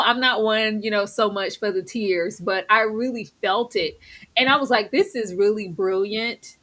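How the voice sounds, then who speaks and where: A woman's voice: medium pitch, normal speed, fairly bright tone, low-quality recording. A woman co-hosting a live stream that recaps a TV drama. She talks expressively and acts out her own reactions as quoted asides. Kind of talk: casual live-stream chat.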